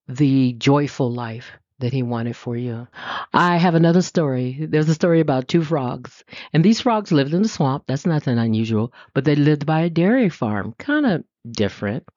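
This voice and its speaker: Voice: medium pitch, darkish tone, no echo. A preacher giving a sermon in a conversational storytelling style, asking the listeners questions. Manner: conversational, asks the listeners questions, laughs easily. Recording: dull lo-fi dry recording.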